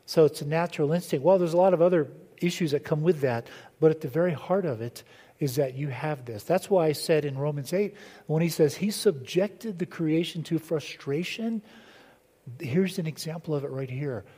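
Mellow-voiced male pastor preaching in a hall. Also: on the high side, moderate pace, breathy edge. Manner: conversational, quizzes the congregation. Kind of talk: sermon.

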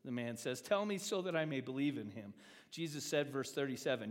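Male pastor, lively sermon delivery that dips soft and rises loud, acts out the quotes; reverberant church room. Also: medium pitch, brisk. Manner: animated, acts out quoted speech, swings from loud to quiet. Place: church sanctuary. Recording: long reverb of a church hall.

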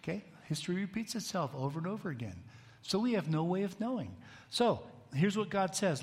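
A man's voice: high voice, sing-song, brisk. A man giving a conversational bible teaching, often asking the room questions and raising his voice when he reads scripture aloud. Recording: long hall reverb.

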